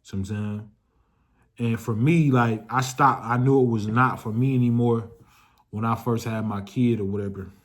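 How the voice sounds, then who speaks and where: A young adult man telling a story to his viewers in a loose, slangy, casual way, swearing freely, his voice jumping up when excited and dropping low when reflective. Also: moderate pace. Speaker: vlogger.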